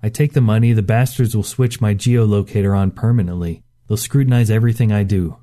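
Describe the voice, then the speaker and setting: A man reading a story voices a stubborn working man, a former fighter, in a gruff and defiant way, close to his own voice. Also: on the low side, steady tone, fairly quick, warm tone, lightly acted. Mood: bitter.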